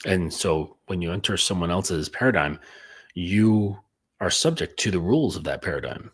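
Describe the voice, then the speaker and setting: Low husky-voiced man, blunt coaching talk. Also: lively intonation, moderate pace. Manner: blunt, conversational, many fillers. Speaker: dating coach. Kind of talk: casual monologue.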